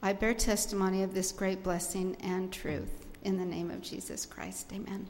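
A woman's voice: medium pitch, level tone, normal speed, darkish tone, in a large hall. A woman closing a church talk with an earnest, reverent testimony from the pulpit. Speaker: church speaker.

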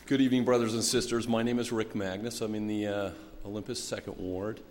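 A man's voice: lowish voice, flat delivery, fairly quick, a little mellow, long reverb tail, slight background noise. A man giving an earnest, folksy church talk from a pulpit, with ums and asides. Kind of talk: sermon-style church talk.

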